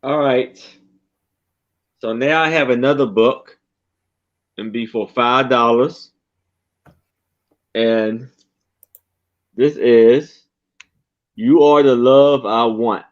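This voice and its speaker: A man who is a guest seller on a live sale, describing his items plainly and haltingly. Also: mid-range voice. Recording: dull, lo-fi sound.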